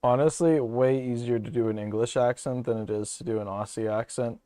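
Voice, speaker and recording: A man's voice: medium pitch, steady tone, brisk, dark tone, clean tone, no room sound. Rambling, profane man. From Canada. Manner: rambling, profane, jokey asides. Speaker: streamer. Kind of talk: casual gaming commentary.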